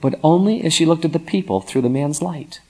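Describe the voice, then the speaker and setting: A man narrating a story in an expressive, dramatic storytelling manner. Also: a little high, a little fast.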